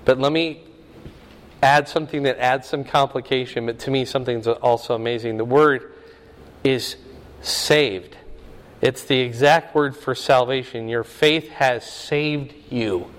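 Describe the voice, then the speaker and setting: A man's voice: mid-range voice, fairly even intonation, moderate pace, big-room sound. A man preaching a sermon, teaching the meaning of Greek words with rising emphasis. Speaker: pastor.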